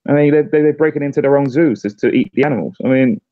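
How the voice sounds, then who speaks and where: A man's voice: medium pitch, no room sound, narrow, tinny audio. A man, a political candidate, in a casual political chat, often restarting and repeating words as he gets going. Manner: halting, repeats words when starting sentences.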